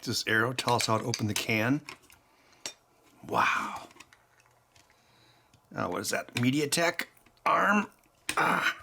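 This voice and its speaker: A man's voice: mid-range voice, lively intonation, slow pace, creaky, long pauses, sharp tone, a little hiss or hum. A tipsy man hosting a casual electronics teardown, rambling and chuckling as he thinks aloud. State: tipsy from beer. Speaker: electronics hacker host.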